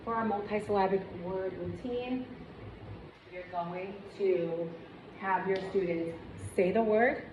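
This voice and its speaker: A woman reading teacher giving a demonstration lesson, with clear, encouraging, step-by-step instructions and asides to other teachers. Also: mid-range voice, slow pace. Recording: echoey room, dull and noisy sound.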